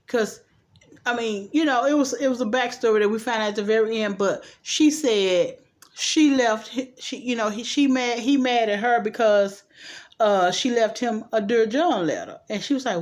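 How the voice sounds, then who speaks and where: A woman recapping a TV episode in casual chat, sassy and playful, tossing in asides and acting out the characters' lines. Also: fairly high pitch. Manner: chatty and sassy, quick asides like "child" and "boo"; acts out the characters' lines in quick changes of voice. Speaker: TV recap host.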